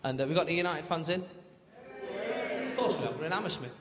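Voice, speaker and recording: A man's voice: on the high side, quick pace, very noisy. A young man with a Manchester accent doing a stand-up set, chatty and cheeky as he banters with the crowd. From Manchester, England. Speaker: stand-up comedian. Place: large theatre stage. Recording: echoey live theatre with loud crowd laughter. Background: audience laughter and applause.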